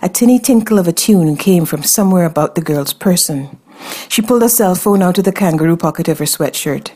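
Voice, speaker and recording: A woman narrating a first-person fantasy story in a wry, expressive way. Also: low-pitched.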